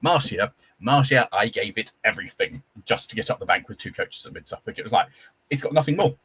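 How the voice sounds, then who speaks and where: A man's voice: lowish voice, expressive, fairly quick, fairly bright tone, slight background noise. A young man chatting casually as a guest on a live stream, with lots of stumbling restarts and enthusiasm.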